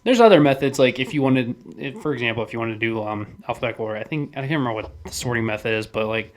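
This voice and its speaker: A man's voice: medium pitch, animated, rapid-fire. A young man co-hosting a podcast, talking casually, swearing freely and laughing as he explains things. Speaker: podcast co-host. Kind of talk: casual chat.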